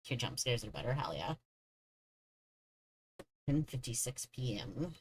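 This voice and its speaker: A man's voice: medium pitch, lively intonation, measured pace, soft background music, low-quality recording. A man streaming a horror game, chatting casually and joking with the characters on screen. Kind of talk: casual gameplay commentary.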